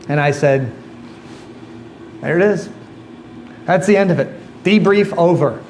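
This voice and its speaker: A man giving a keynote speech on stage, telling a story and acting out the dialogue in an animated way. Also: fairly high pitch, unhurried, long pauses. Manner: animated, acts out quoted dialogue. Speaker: motivational speaker. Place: on stage before a live audience. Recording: live audience laughter, noisy room.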